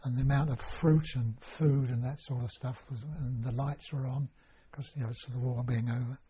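A man's voice: mid-range voice, fairly even intonation, moderate pace, dark tone, a little hiss or hum. An older man telling a long personal story in an oral history interview, rambling and full of fillers and restarts. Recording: dull lo-fi recording.

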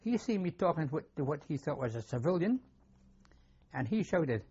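A man's voice: fairly high pitch, very animated, moderate pace, darkish tone, slightly rough, highs cut off. An older man with a Scottish accent recounting memories in an interview, plain-spoken and given to repeating himself. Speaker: war veteran interviewee. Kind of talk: oral history interview.

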